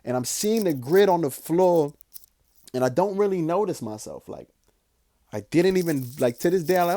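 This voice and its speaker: Young male podcast host, mellow voice, animated profane storyteller with lots of fillers. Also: on the high side, moderate pace. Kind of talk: casual storytelling.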